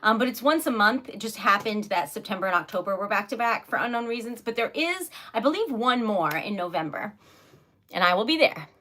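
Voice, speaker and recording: Talking a little fast and with lots of animation, this young Rhode Island woman keeps her medium-pitched voice pushed and bright. She's a poet who sells crafts, giggling and drifting off topic as she chats with her livestream audience.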